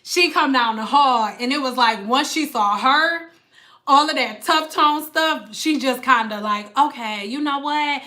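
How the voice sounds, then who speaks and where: A woman's voice: high voice, measured pace. A woman hairstylist telling a story in a casual, slangy livestream chat, acting out the people in it. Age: adult with a daughter. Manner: animated slangy storyteller who acts out the people in her story.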